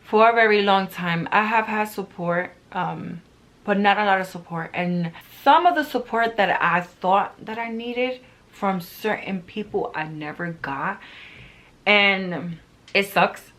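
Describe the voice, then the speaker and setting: A woman's voice: medium pitch, unhurried, a bit bright. A middle-aged woman vlogger talking casually and earnestly to her viewers, driving points home by repeating them. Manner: earnest, emphatic, repeats phrases for emphasis. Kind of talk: casual motivational talk to camera.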